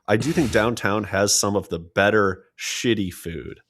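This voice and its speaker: A man's voice: fairly low pitch, unhurried, fairly bright tone. A man co-hosting a casual podcast, giving enthusiastic, joking restaurant recommendations. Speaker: podcast co-host. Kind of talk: casual chat.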